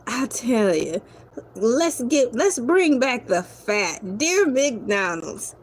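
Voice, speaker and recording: A woman, hosting a casual comic rant and joking, laughing and animated as she talks to viewers. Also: a little high, slow, a little hiss or hum. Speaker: host.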